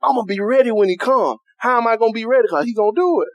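High-voiced preacher, casual Southern vernacular. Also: male voice, rapid-fire, dry recording. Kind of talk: sermon.

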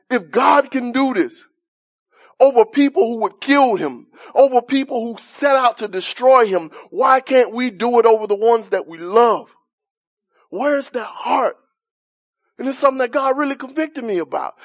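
High-voiced impassioned male preacher. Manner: impassioned, rising to shouts then dropping soft. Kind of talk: sermon.

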